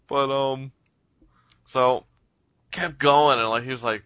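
A man's voice: medium pitch, fairly even intonation, measured pace, long pauses, no room sound. Casual rambling young man, dull mic. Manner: rambling, profane, laughs often. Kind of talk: casual storytelling.

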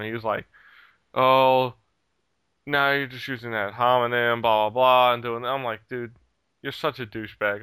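A man with a medium-pitched, sharp voice tells a heated story in casual conversation, swearing freely and laughing at himself as he goes. The recording is clean, with no echo.

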